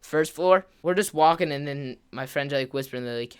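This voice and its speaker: A man's voice: fairly high pitch, brisk, few pauses, clear, resonant tone. Young-sounding man rambling through a story. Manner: rambling, heavy on "like" fillers and restarts. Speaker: gaming vlogger. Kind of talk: casual storytelling to camera.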